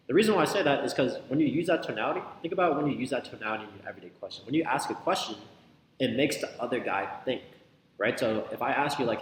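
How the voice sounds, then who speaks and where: A man coaching on sales calls, talking loosely with many fillers and check-in questions. His voice sits at an ordinary middle pitch. The recording is roomy, with a long reverb tail and a faint hum of ambient noise behind him. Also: rapid-fire. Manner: filler-heavy, loose and conversational, repeats "like" and "right?". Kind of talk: casual teaching talk.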